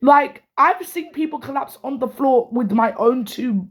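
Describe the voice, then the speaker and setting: In an unhurried, high-sitting voice, a young woman rants angrily and profanely to camera about something personal. Hoarseness from losing her voice shows, and she often starts her sentences over.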